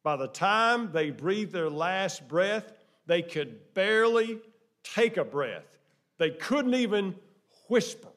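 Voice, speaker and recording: A man preaching a sermon, dropping to hushed tones and rising to loud, emphatic exclamations with lots of repetition. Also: sits high, sing-song, takes it slowly.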